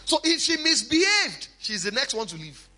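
Male pastor, sermon. High, husky-edged voice that swings widely in pitch; emphatic, conversational preaching. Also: moderate pace. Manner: preaching with lively emphatic swings, chatty asides.

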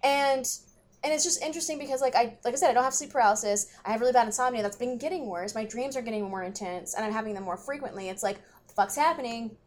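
A woman's voice: fairly high pitch, rapid-fire. A young woman co-hosting a podcast, telling stories in casual chat full of fillers and swearing. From grew up in the country. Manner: rambling, swears freely, many fillers. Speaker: podcast co-host.

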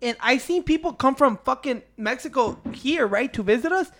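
A man's voice: very high voice, animated, normal speed, fairly bright tone, slight background noise. A young man from Chicago in casual chat, loose and profane, calling his friend "dude" and "bro". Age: young adult.

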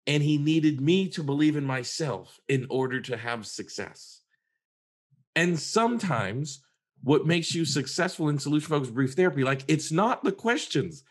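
A therapist co-hosting a podcast tells a personal story in a high-leaning, slightly breathy voice. He's earnest and conversational, repeating words for emphasis.

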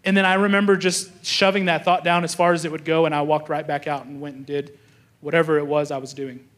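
A man's voice: fairly high pitch, little pitch movement, fairly quick, a bit bright. A young adult man, a pastor preaching a sermon, telling stories casually and acting out the thoughts of the people in them. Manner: storytelling, acts out quoted thoughts, restarts often.

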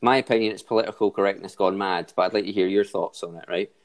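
A man's voice: low voice, fairly even intonation, fast. A man hosting a casual football chat, cracking pun-filled jokes and laughing at them. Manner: jokey, laughs at his own puns. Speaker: podcast host. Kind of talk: casual chat with joke segments.

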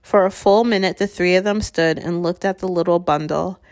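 A woman narrating a chapter of a storybook in a measured, steady way. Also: on the low side. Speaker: audiobook reader.

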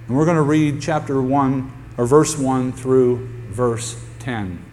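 Slow and slightly mellow, a mid-range male voice delivers a sermon to a congregation in a church sanctuary. The pastor is emphatic, repeating key phrases for effect, and the recording carries long hall reverb with a faint hum.

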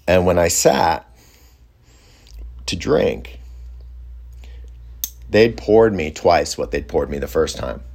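A man with a deep, low-pitched voice tells a story from his own life in a loose, conversational way. He drifts and restarts his sentences and leans on fillers while he reflects. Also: darkish tone. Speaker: storyteller recounting a personal experience. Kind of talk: casual first-person storytelling.

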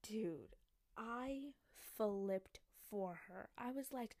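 A young adult woman hosting a podcast, chatting casually and telling stories in an excitable, animated way, acting out quoted voices. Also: a little high, extremely slow, dry recording. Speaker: podcast host. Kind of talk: casual chat.

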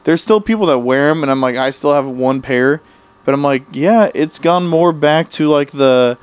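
A man's voice: a little high, normal speed, smooth. A man co-hosting a podcast, rambling through casual stories and acting out quoted people. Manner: rambling, animated storytelling with quoted voices. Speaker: podcast co-host. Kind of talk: casual chat.

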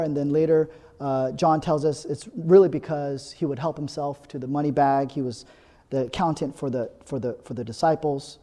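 Speaking in a large hall, a male pastor preaches in a slightly high, dark, steady voice at a somewhat quick pace. He talks conversationally, often tagging "right?", and earnestly builds up to repeated, emphatic phrases.

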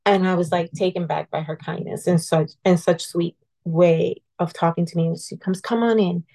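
A woman guest telling a personal story in an earnest, heartfelt, halting way. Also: on the low side, flat delivery, vocal fry, dark tone. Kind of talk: personal storytelling in a podcast conversation.

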